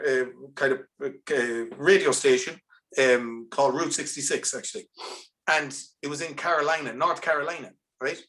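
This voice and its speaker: An Irish man with a bright, forceful and slightly high voice, guesting on a casual podcast. He tells animated, rambling stories, starting over again and again as his thoughts run ahead. He talks through earphones on a video call. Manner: animated, rambling storyteller with many restarts. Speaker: guest, lead singer of a band.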